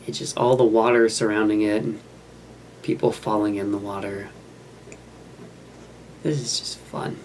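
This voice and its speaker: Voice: mid-range voice, fairly even intonation, a little slow, pauses often, darkish tone, slight background noise. A host giving casual running commentary over a film while building a model kit. They ramble in an offhand, self-mocking way.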